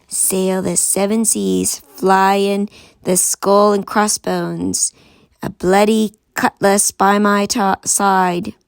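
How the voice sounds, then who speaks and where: A woman voicing a bold, boastful young schoolboy in a read-aloud storybook, with a folksy drawl and a gravelly edge. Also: medium pitch, level tone, very slow, no room sound. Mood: daydreaming.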